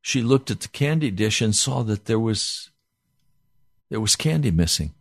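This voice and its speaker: A pastor telling a personal story in an animated sermon. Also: male voice, lowish voice, moderate pace, creaky, no room sound, studio quality.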